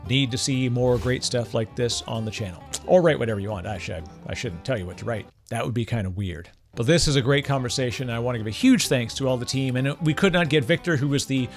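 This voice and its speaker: Talking fast with few pauses, a Canadian podcast host chats enthusiastically and casually, often joking at his own expense. His voice is medium-pitched, recorded on a podcast microphone with faint music behind it.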